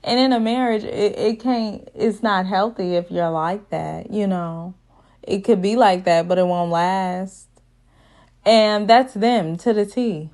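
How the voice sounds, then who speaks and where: A woman's voice: medium pitch, takes it slowly, a little mellow. A woman hosting a casual TV recap vlog, blunt, opinionated and chatty. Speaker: reality TV recap host.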